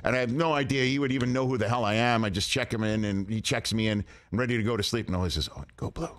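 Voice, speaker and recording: A middle-aged man hosting a sports talk show, telling a story in a casual, animated way with quick restarts. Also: medium pitch. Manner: animated, excited retelling with restarts. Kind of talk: casual studio chat, storytelling. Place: studio.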